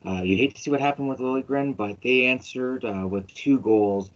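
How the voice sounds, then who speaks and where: A man's voice: medium pitch, lightly acted. A man imitating a slurring ailing old radio announcer. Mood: groggy. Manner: halting, slurred, sluggish play-by-play. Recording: dull lo-fi audio.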